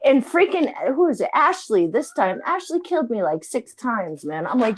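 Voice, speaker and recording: A woman from the northern United States, a panelist chatting loosely on a live stream with loud, swearing banter. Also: a little high, very animated, normal speed, poor audio. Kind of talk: casual chat on a live stream.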